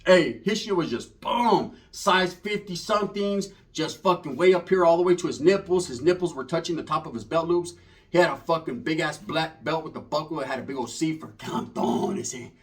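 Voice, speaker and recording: A man's voice: a little high, moderate pace. A man telling a rambling, profane street story in casual slang, full of asides. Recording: voice from far off the mic.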